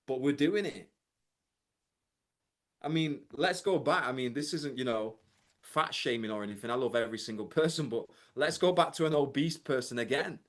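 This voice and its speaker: A man's voice: medium pitch, lively intonation, moderate pace, a bit bright. A man giving a motivational coaching talk to a live chat, emphatic and often asking the audience "right?". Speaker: mindset and business coach.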